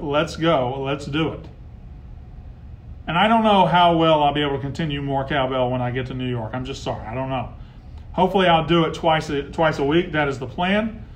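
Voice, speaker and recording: A man hosting a casual live sports talk stream, heckling rivals and getting loud when riled. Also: on the high side, slight background noise. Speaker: sports show host.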